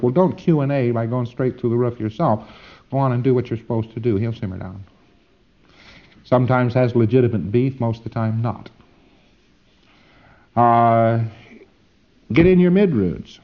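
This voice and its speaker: A man's voice: mid-range voice, normal speed, long pauses. A man giving an informal instructional lecture, folksy and emphatic, with frequent asides and fillers. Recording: dull lo-fi recording.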